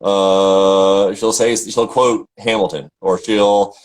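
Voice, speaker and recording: A man's voice: lowish voice, steady tone, slow pace, rough recording. A middle-aged man from Tennessee, an opera singer chatting casually and telling stories with lots of fillers and restarts. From Tennessee, USA. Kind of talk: casual chat.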